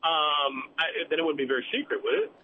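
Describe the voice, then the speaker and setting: A man's voice: a little high, very animated, fast. A man, an executive director, talks chattily on a call-in radio interview, often repeating words as he restarts. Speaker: bowl game executive director. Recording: tinny phone line with faint noise.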